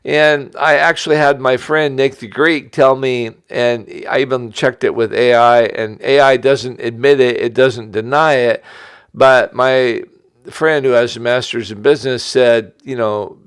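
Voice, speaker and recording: Smooth-voiced man talking in a rambling monologue. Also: mid-range voice, fairly even intonation, measured pace, a bit bright, no room sound. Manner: rambling, with many restarts and asides. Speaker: host giving an investment update. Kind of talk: casual monologue.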